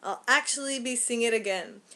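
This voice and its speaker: A woman's voice: a little high, a little fast, pushed and bright. A teenage girl reviewing a movie in casual chat, gushing and rambling with lots of fillers.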